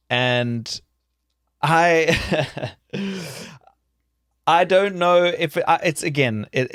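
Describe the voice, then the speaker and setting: A man's voice: mid-range voice, no echo, studio quality. Male podcast co-host, mid-range voice, easygoing teasing delivery. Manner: relaxed, teasing, laughs while telling stories. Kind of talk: casual chat.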